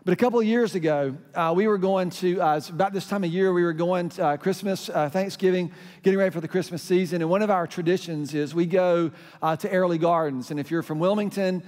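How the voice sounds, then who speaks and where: High-voiced pastor preaching in a hall. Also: male voice, quick pace, a little mellow. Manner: storytelling, leads the crowd in call-and-response. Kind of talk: sermon. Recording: hall reverb.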